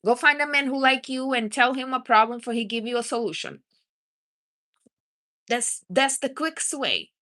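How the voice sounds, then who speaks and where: Bright-voiced woman giving blunt advice. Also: on the high side, normal speed, pauses often. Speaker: livestream host. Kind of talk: casual livestream chat.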